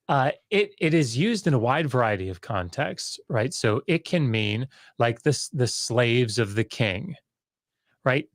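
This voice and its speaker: A man speaking as a guest scholar in a casual interview, explaining in a rambling, joking way with quick asides and self-corrections. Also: mid-range voice, no room sound, clean studio sound.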